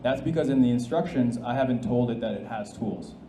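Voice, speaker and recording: A man's voice: mid-range voice, fairly quick. A man presenting a live demo of AI agents to an audience, talking casually, thinking aloud and restarting often. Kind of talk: live tech demo talk. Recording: echoey hall with faint noise.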